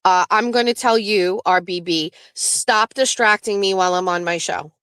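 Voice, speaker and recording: A woman's voice: mid-range voice, normal speed, a bit bright, clean tone, no echo. A woman hosting a live stream, chatting casually and bluntly with her viewers and swearing freely. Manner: blunt, profane, talks back to chat. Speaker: livestream host.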